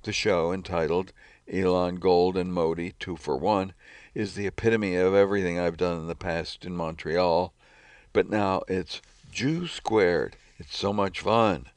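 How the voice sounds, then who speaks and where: A man reading news articles aloud in a measured, scripted way. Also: deep voice, steady tone, no room sound.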